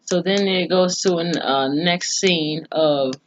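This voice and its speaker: A woman's voice: on the low side, slow pace, slight background noise. A woman recapping a TV episode in casual, profane storytelling, with plenty of asides and cursing. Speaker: TV series reviewer.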